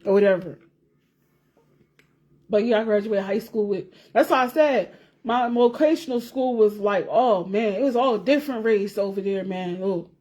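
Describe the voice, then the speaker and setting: A woman's voice: mid-range voice, moderate pace, darkish tone. A woman vlogger chatting casually to her viewers, rambling and repeating herself, swearing freely and laughing as she talks. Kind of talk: casual chat to camera.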